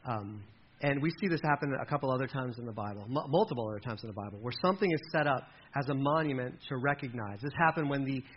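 A man preaching a sermon as a pastor, lively and conversational, who drops his voice low and quiet when he speaks God's words. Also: dull audio, a little hiss or hum.

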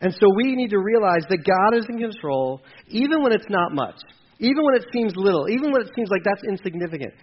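Lively high-voiced male pastor preaching. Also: fairly quick. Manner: animated, acts out voices of God and people in quotes, then drops to soft near-whispers. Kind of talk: sermon. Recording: dull lo-fi sound with faint noise.

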